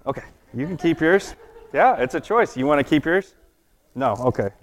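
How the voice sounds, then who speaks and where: A man with a slightly high voice speaks at a moderate pace with lively energy. He's an adult children's church teacher delivering a relaxed, playful children's sermon built around an object lesson, chatting away, peppering the kids with questions, and laughing at his own jokes.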